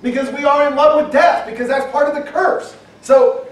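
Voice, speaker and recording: A middle-aged man preaching a sermon, emphatic, at times shouting and acting out quoted objections. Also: very high-pitched, steady tone, moderate pace. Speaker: pastor. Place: church hall. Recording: very echoey hall from far off.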